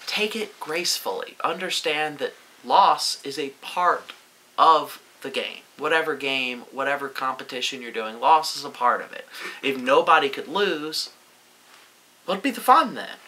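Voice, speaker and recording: A man's voice: medium pitch, sharp tone, low-quality recording. A man talking in a casual advice monologue, sarcastic and gloating at times. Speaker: vlogger.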